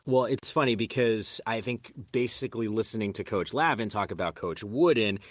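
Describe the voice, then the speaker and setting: A man's voice: fairly low pitch, normal speed, no echo. A man hosting a podcast interview, asking chatty, friendly questions. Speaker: podcast host. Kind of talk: casual interview.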